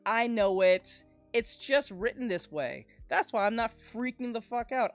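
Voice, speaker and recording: A man's voice: very high-pitched, animated, measured pace, hardly any pauses, faint music behind. A man streaming as a VTuber, chatting casually with a sarcastic, self-mocking humor and frequent laughs. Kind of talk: casual live-stream chat while drawing.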